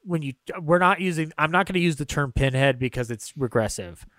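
A man's voice: a little high, expressive, fairly quick, fairly bright tone. A man co-hosting a casual film podcast, chatty and digressive, with a slightly raised voice. He swears freely and rambles through asides. The sound is dry and close, with no room echo. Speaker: podcast co-host.

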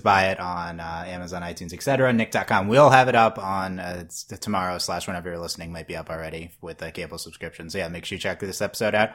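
A man's voice: sits low, a bit bright. A man hosting an animation podcast, upbeat and chatty, with frequent fillers as he plugs the show. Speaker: podcast host. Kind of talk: casual podcast chat.

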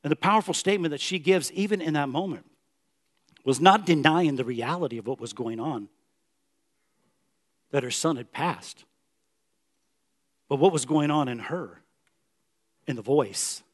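A male pastor preaching a sermon in church, swinging from loud emphatic declarations to hushed, soft questions. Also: a little high, moderate pace, long pauses.

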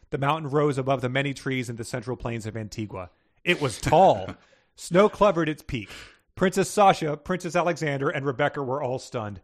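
A man's voice: medium pitch, lively intonation, normal speed. A man hosting a quiz, reading story passages aloud and chatting casually. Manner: plain storybook reading, chuckles. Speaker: quiz host.

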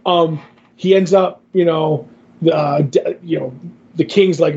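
A man's voice: a little high, fairly even intonation, slow pace, gravelly, a little mellow, slightly rough. A man hosting a podcast, casually retelling a comic book story with lots of fillers and quoted dialogue. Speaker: podcast host. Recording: dull lo-fi podcast audio.

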